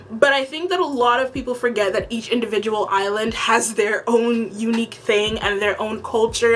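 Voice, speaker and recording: A woman's voice: on the high side, a bit bright, slight background noise. A woman from the Caribbean giving a frank, opinionated review of a TV series in a casual vlog. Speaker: TV review vlogger.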